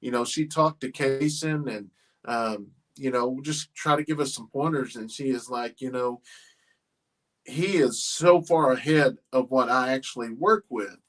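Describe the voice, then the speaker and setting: Talking about family and farm life on a casual livestream, a middle-aged farm channel host speaks in a medium-pitched, a bit bright voice. His delivery is rambling and halting, packed with fillers.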